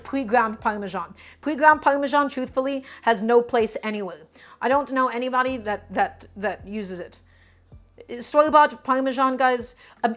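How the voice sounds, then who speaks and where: A woman from Brooklyn who hosts a live cooking stream, explaining each step as she cooks and answering viewers' questions in a chatty way. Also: a little high. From Brooklyn, New York.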